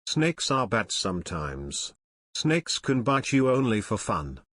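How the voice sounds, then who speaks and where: A man reading the lines of a gentle small boy prince from another star, in a calm, plainly worded way. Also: on the low side, slow pace, no echo, clean studio sound, heavily acted. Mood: quiet.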